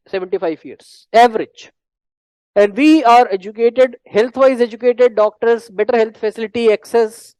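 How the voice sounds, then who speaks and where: A teacher with an Indian English accent giving a classroom lecture on medical exam prep, repeating points emphatically and clearing the throat often. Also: mid-range voice, darkish tone, no echo, low-quality recording.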